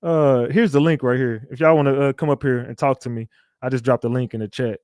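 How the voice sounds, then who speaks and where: A man's voice: medium pitch, fairly even intonation, brisk, a little mellow, no echo, clean studio sound. Slangy man hosting a livestream. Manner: loose slangy banter, reacting to chat. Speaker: livestream host. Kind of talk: casual livestream chat.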